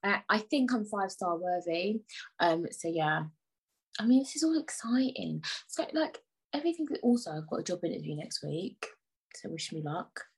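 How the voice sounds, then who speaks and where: A young woman with a lowish, husky voice hosts her own podcast solo. She chats casually and rambles with playful indignation, sometimes slipping into near-whispered asides.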